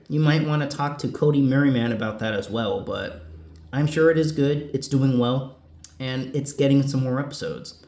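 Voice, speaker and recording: A man's voice: mid-range voice, a little mellow. A young man hosting a casual question-and-answer show, rambling and hesitant with many ums and restarts. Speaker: host answering viewer questions. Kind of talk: casual Q&A chat. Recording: echoey room.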